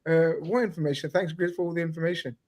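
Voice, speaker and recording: A man hosting a casual live-stream chat, excitable, shouting out viewers and swearing casually. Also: on the high side, quick pace. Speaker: host.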